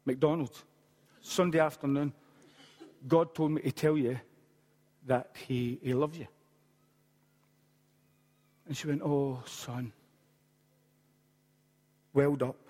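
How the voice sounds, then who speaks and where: Male pastor, late 40s, a little high-voiced; animated storytelling sermon, long hall reverb. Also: takes it slowly, long pauses. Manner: animated storytelling with humorous asides.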